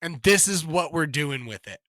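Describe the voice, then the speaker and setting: A man co-hosting a podcast in casual chat, animated and jokey, often laughing. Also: a little high, normal speed, no echo, clean studio sound. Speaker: podcast co-host.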